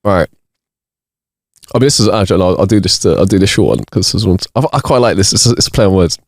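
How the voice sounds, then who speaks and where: A low-pitched man talks at a quick pace in a dry recording. As a podcast co-host, he reads jokes aloud in casual chat, punctuated by bursts of laughter.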